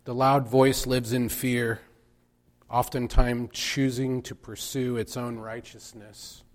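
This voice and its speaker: A man giving a reflective sermon, speaking in a measured way and pausing for emphasis. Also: mid-range voice, little pitch movement. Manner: slow, measured, with pauses for emphasis. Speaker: preacher.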